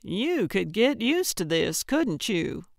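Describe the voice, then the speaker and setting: A woman's voice: medium pitch, big pitch swings, takes it slowly, gravelly, dry recording, studio quality, heavily acted. A woman voicing a chipper older woman who plays amateur sleuth, talking in a perky, cheeky way.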